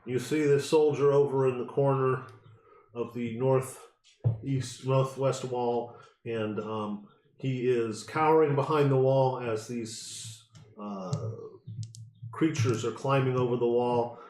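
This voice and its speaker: Guy running a tabletop game, slow with lots of uhs, echoey room. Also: mid-range voice, steady tone, a little mellow. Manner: unhurried narration with many fillers. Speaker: game master.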